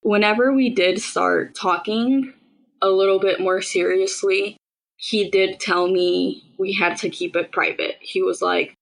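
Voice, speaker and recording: A young woman recounts a hard personal story in a candid, matter-of-fact way, quoting conversations as she goes. Her voice sits at a middle pitch with a strong gravelly fry running through it. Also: poor audio. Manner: candid, matter-of-fact retelling with quoted dialogue. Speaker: survivor telling her story.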